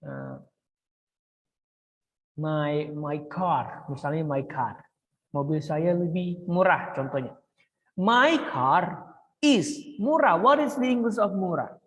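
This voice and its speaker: A man's voice: a little high, lively intonation, a little slow, long pauses. Male teacher with an Indonesian accent, online lesson, coaxing and bilingual, echoey long-reverb sound. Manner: switches between English and Indonesian, coaxing questions to students. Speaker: English teacher. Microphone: video call.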